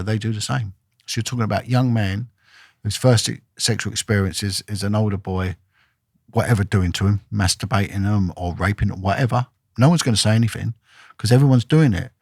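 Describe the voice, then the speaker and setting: Gravelly, blunt man. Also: on the low side, dry recording, clean studio sound. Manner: blunt, emphatic, conversational. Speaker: podcast guest, former vice detective. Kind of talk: storytelling in a podcast interview.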